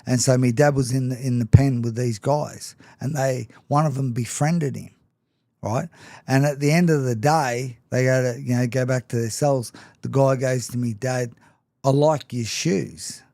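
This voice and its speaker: A middle-aged man speaks as a guest, telling candid stories with frequent restarts and little laughs. His voice sits at an ordinary pitch. The recording is dry and close, with no room sound. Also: steady tone, moderate pace, gravelly, warm tone, no room sound. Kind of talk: candid storytelling in conversation.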